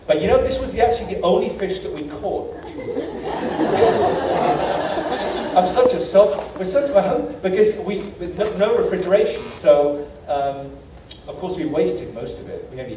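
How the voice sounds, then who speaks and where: British guy lecturing, mellow voice, self-deprecating storyteller, distant echoey hall with faint hiss. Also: fairly high pitch. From Britain. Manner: anecdotal, self-deprecating, many fillers. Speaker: guest lecturer. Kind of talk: humorous travel lecture.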